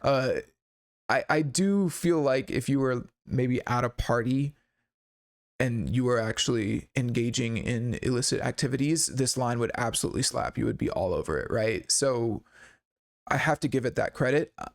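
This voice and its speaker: A songwriting channel host with a creaky, mid-range male voice breaks down a song casually. He rambles in a laid-back, candid way, full of fillers and restarts, and swears now and then.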